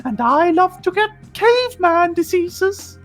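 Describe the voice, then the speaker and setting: A flamboyant male centaur bellows his impression in a screeching falsetto. The voice is pitched far above a normal speaking voice and pushed loud. It sounds like a storybook creature hamming it up for a crowd. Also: lively intonation, measured pace, faint music behind, heavily acted. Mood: bellowing, shrill. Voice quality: shrill, screeching. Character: showy male centaur, shrill strained impersonation.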